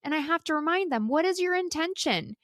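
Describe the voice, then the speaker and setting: A middle-aged woman hosting a solo podcast, talking to listeners in a lively, conversational way and often asking rhetorical questions. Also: very high-pitched, fairly quick, dry recording, studio quality. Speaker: podcast host and speaker coach.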